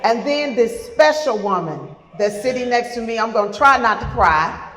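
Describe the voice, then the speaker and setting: A middle-aged woman hosts a live podcast panel at a retreat event room with an audience, her voice on the high side, fairly bright, and lively at a moderate pace. She introduces guests with effusive, repeated praise, and the roomy hall adds long reverb.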